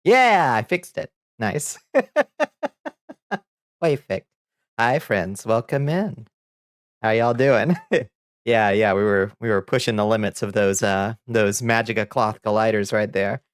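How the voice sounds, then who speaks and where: A relaxed man streaming live, talking loosely with his chat and laughing easily between remarks. His voice sits on the low side, recorded close and dry with almost no room sound. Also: slow, long pauses, clear, resonant tone, dry recording. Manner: laid-back, chuckles often, greets chat by name. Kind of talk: casual livestream chat.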